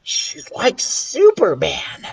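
A man's voice: high-pitched, animated, moderate pace, vocal fry, breathy edge, full character voice. A man voicing Ryan, a bragging, mischievous schoolboy, in a read-aloud storybook. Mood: awed. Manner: eager, loud whispering.

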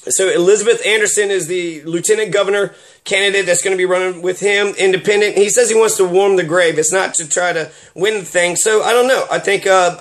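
A man, commenting on politics in a casual, profane and indignant rant full of filler words. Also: high voice.

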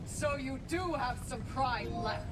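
A woman's voice: high voice, lively intonation, takes it slowly, crowd noise. A cold, taunting warrior woman. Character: fierce female warrior boss taunting the hero. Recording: game audio under loud music.

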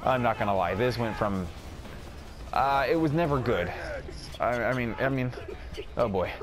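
A man's voice: medium pitch, normal speed. A man giving casual gameplay commentary, rambling and mocking himself as he plays. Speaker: gaming video creator. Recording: game music underneath.

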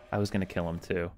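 A man's voice: sits low, background noise. A man in a game lobby, rambling jokily between fillers. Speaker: player in a group game. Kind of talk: casual gaming chat.

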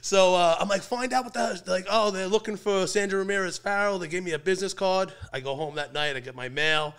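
Brash gravelly New man telling stories. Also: high-pitched, fairly quick, fairly bright tone. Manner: brash, profane, laughs through his story. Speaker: podcast guest storyteller. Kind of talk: casual storytelling.

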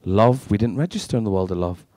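A man doing stand-up comedy, trading sweary, quick banter with a live audience. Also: lowish voice, dark tone, no room sound, clean studio sound. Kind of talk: stand-up comedy with crowd work.

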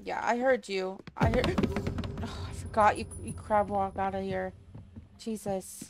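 A woman's voice: mid-range voice, fairly even intonation, a little slow, over music. A woman streamer giving casual gameplay commentary, chatty and apologetic, swearing and laughing often. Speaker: streamer playing a horror game.

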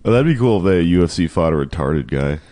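A man's voice: sits low, expressive, quick pace, dark tone. A man co-hosting a comedy podcast, laid-back and laughing along with wry asides. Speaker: podcast co-host. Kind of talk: casual comedic chat.

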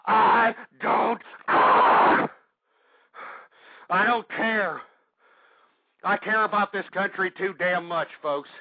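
An older man hosting call-in talk radio, ranting in angry shouts and panting heavily between tirades. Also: sits high, a little slow, no echo, narrow, tinny audio. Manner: angry shouting tirades, then heavy-breathing grumbling. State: out of breath. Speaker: radio talk show host.

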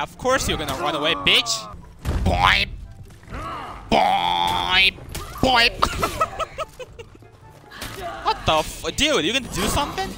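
Excitable trash-talking young gamer guy. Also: on the high side. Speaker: gaming YouTuber. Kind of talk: casual gameplay commentary. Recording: game music behind. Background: game music.

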